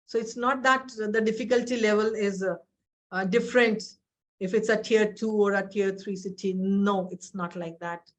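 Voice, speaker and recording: A woman's voice: mid-range voice, fairly even intonation, normal speed. A middle-aged woman with an Indian accent, teaching an English exam webinar in a direct, instructive way and often asking rhetorical questions. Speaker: IELTS trainer.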